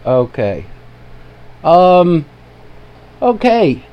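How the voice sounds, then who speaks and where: His high voice swoops wildly in pitch and moves very slowly, with a clear, resonant tone, though the recording's highs are cut off. He has an Ohio accent and hosts a laid-back live trading webinar, joking with viewers while fussing over the levels of the desk microphone he adjusts.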